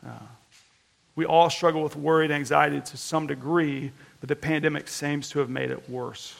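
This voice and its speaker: High-voiced gravelly pastor preaching. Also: male voice, moderate pace. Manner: earnest, conversational preaching with animated retold quotes. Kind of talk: sermon.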